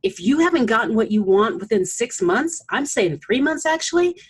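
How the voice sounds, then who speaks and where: A woman's voice: on the high side, moderate pace, husky. Blunt, laughing middle-aged woman host. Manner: blunt, animated, laughs often. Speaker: podcast host and coach. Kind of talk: casual chat.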